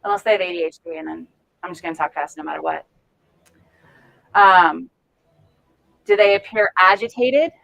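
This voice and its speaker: A woman leading an informal volunteer training session, talking frankly with lively asides. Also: on the low side, normal speed, vocal fry, long pauses, low-quality recording. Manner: frank, animated, chatty with asides and laughs.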